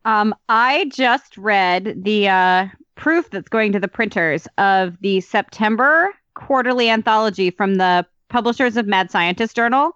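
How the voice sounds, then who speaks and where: A woman's voice: medium pitch, measured pace, hardly any pauses, a bit bright, smooth, dry recording, muffled recording. A woman in casual podcast chat, upbeat and recommending things with light fillers.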